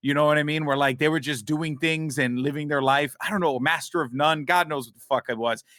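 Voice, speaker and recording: A man co-hosting a podcast, telling a long story in a rambling, animated way, with many restarts and swearing. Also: fairly high pitch, a little fast, no room sound, clean studio sound. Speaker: podcast co-host. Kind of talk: casual storytelling chat.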